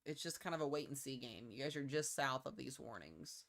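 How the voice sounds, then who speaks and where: A man's voice: medium pitch, lively intonation, brisk, gravelly, fairly bright tone. A young man in his twenties talks through the weather on a casual livestream. He is loose and chatty, with plenty of ums and likes, and often stops to answer questions from chat. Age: 20s.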